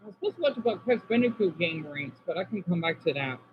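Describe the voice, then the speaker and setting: High-voiced man chatting with his live chat. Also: fast, lo-fi sound, noisy background. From Arizona, US. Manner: chatty, reacts aloud to comments, swings between subdued and excited. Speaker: streamer reading live chat. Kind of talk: casual live-stream chat.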